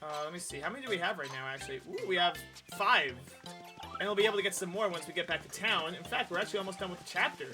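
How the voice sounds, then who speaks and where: Animated chatty streamer man. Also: high voice, rapid-fire, over music. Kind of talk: let's play commentary.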